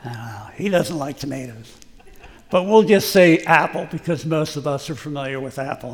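A man delivers a sermon in a folksy, emphatic way, sometimes poking fun at himself as a plain working guy. His voice sits a little high and has a gravelly edge. It carries a long echo, as if he is preaching in a large hall. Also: normal speed. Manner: folksy, self-deprecating, emphatic.

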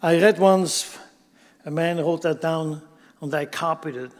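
A man preaching a sermon, swinging from loud emphatic bursts down to near-whispers. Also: on the high side, steady tone, a little slow, long reverb tail. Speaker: pastor.

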